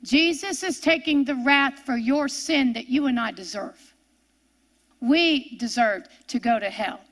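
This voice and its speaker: High, bright-voiced woman preaching. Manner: reads scripture aloud in a rising, impassioned voice; drops to slow, hushed tones for solemn points. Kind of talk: sermon.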